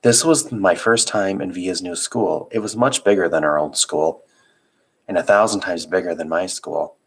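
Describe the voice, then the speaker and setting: A man with a deep, low voice reads a children's novel aloud. His first-person narration is calm and steady. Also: normal speed, husky, poor audio. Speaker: reader.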